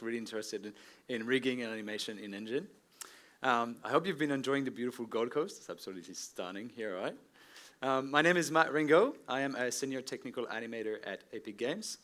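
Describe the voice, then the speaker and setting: A man's voice: medium pitch, fairly bright tone. A man in his thirties from France with a French accent, giving a technical conference talk in a friendly way, often asking "right?". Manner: friendly, lots of "right?" and "um" asides. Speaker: conference speaker. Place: conference stage before an audience.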